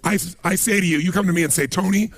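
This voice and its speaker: Man as motivational speaker, high husky voice, animated storyteller. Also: very fast, no room sound. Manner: animated storytelling with emphatic asides. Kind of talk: motivational seminar talk.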